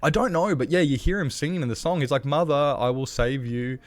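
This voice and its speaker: A man's voice: fairly high pitch, brisk, no room sound, soft background music. A man chatting casually on a live game stream, rambling and candid, swearing freely and dropping lots of fillers. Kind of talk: casual live-stream chat while gaming.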